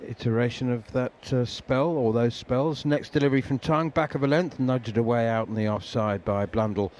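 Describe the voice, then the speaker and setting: A man giving ball-by-ball radio cricket commentary, chatty and quick to laugh, with plenty of ums and uhs. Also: mid-range voice, a little mellow, slight background noise.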